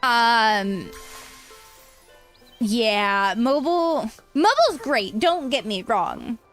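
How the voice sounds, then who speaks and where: A woman's voice: on the high side, fairly bright tone. A woman streamer chatting casually while gaming, bubbly and talkative, answering chat, sounding tired.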